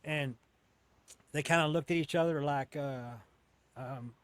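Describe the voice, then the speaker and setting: A man's voice: on the high side, measured pace, a bit bright, clean tone, no room sound. A man as an interview guest, telling a long story in a casual, rambling way, with many restarts and casual swearing. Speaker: interview guest recounting an encounter.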